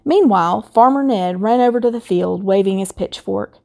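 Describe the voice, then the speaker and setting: Mellow woman reading a picture book. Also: mid-range voice, normal speed, gravelly. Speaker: storybook reader.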